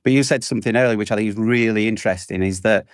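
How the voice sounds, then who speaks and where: A man on a podcast panel, telling stories in an animated way and acting out salespeople in exaggerated voices. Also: fairly low pitch, rapid-fire, dry recording, studio quality. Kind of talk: casual panel chat.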